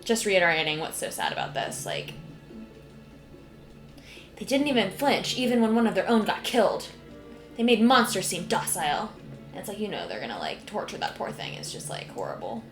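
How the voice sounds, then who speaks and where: Young woman streamer rambling over her game, lively pitch, roomy echo, game music in background. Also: moderate pace. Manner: chatty, emotional, with many fillers and soft laughs. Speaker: gaming streamer. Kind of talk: casual let's-play commentary. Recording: echoey room, game music behind.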